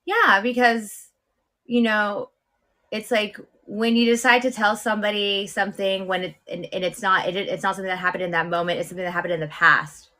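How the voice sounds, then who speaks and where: A woman's voice: medium pitch, steady tone, fairly quick, sharp tone. A woman co-hosting a casual talk show, speaking hesitantly with many fillers as she opens up about a personal hurt. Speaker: co-host. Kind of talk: casual chat.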